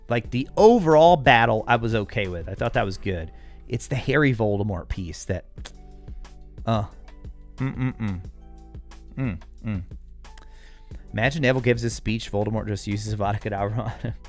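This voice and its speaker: A man's voice: mid-range voice, lively intonation, brisk, faint music behind. An American man hosting a live stream, chatting casually and answering viewers' comments with frequent chuckles. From United States. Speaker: livestream host. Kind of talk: casual live-chat talk.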